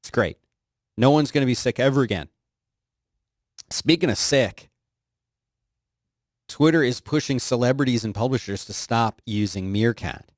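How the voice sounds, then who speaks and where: A middle-aged man hosting a podcast, reading tech news in a casual, joking way and sometimes jumping into high silly voices. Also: moderate pace, pauses often, no echo, clean studio sound. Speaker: podcast host.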